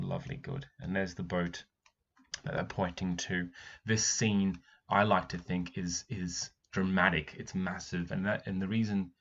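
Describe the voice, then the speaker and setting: A man's voice: low-pitched, flat delivery, unhurried, a bit bright, muffled recording. A male primary teacher, reading a picture book aloud and stopping to explain it. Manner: reads passages aloud, then breaks off to explain. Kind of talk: read-aloud book analysis.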